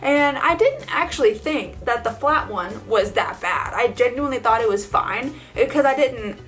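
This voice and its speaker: A somewhat high-voiced woman talks her way through a makeup tutorial in a chatty, gushing vlog manner. She strings her thoughts together with "like" and breaks into small laughs. Faint music plays underneath. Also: lively intonation, normal speed, a bit bright. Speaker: beauty vlogger. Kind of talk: casual makeup tutorial chat.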